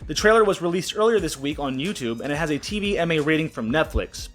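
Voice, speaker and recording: A man's voice: on the high side, lively intonation, fast talker, a bit bright. A man hosting his channel, ranting in indignant outrage, swearing often and stumbling over repeated words. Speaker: channel host. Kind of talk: angry commentary rant.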